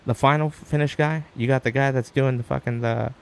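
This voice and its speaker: A man guest chatting casually on a podcast, an animated storyteller who acts out quotes with sudden high jumps in his voice and swears freely. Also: fairly quick, creaky. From Arizona, USA. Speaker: guest, stand-up comic.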